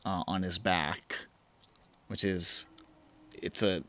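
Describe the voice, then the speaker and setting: A man's voice: low voice, fairly even intonation, slow pace, fairly bright tone, no room sound. A man narrating a tabletop game as game master, describing scenes in a loose, rambling way. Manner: rambling, many fillers and restarts.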